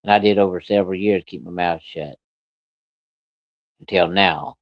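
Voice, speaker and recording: A man telling a story of his own in a blunt, profane, folksy way, with rough rural grammar. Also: low-pitched, normal speed, dry recording. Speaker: storyteller recounting a personal encounter. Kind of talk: casual spoken storytelling. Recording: dull, lo-fi and dry.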